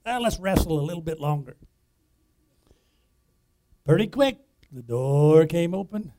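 A man preaching a sermon as pastor, emphatic, posing rhetorical questions to the congregation and swinging between loud declarations and quiet asides. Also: fairly high pitch, expressive, unhurried, pauses often.

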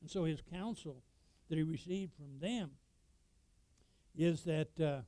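Preaching man, mellow and dry. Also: a little high, takes it slowly, pauses often, no room sound, low-quality recording. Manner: expository preaching, quotes scripture, sudden loud emphasis. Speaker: pastor. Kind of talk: sermon.

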